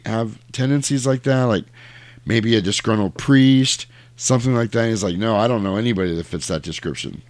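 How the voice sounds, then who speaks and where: Low-voiced man animatedly retelling a film. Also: fairly quick, no room sound. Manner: animated retelling, acting out characters' lines. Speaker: podcast co-host recapping a film. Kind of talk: casual chat.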